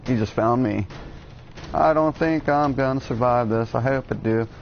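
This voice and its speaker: A man's voice: medium pitch, fairly even intonation, moderate pace, lo-fi sound, slight background noise. A man giving jokey, rambling commentary while playing a video game, cursing often and drifting into absurd tangents. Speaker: let's play gamer.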